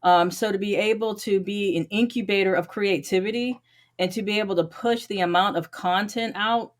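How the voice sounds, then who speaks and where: A woman's voice: medium pitch, steady tone, normal speed. A woman in a casual podcast chat, speaking in an upbeat, reflective way with some fillers. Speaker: podcaster, challenge participant.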